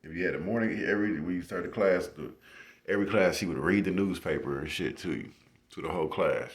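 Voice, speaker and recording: A man's voice: deep voice, fairly quick. A young man casually telling stories into his phone, swearing freely and laughing as he goes. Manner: profane, laughing, animated retelling. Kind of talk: casual storytelling.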